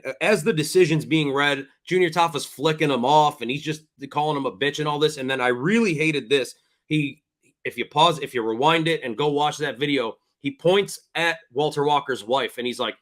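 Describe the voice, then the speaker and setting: A man's voice: a little high, moderate pace, fairly bright tone. A man hosting a fight recap podcast, recounting the action at length in blunt, profane casual chat. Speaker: podcast host.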